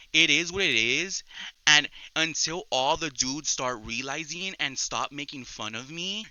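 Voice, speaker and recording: A young man hosting a casual solo chat podcast, rambling excitably and often restarting his sentences. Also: mid-range voice, clean tone, dry recording, low-quality recording. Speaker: podcast host.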